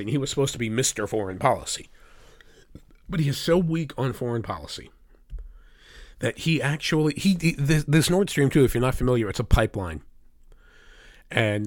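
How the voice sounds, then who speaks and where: A man rants through a sarcastic, profanity-laced political commentary, combative from start to finish. His voice sits at a typical middle pitch for a man. The recording is dry and close, with no room sound. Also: no echo. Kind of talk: opinion rant.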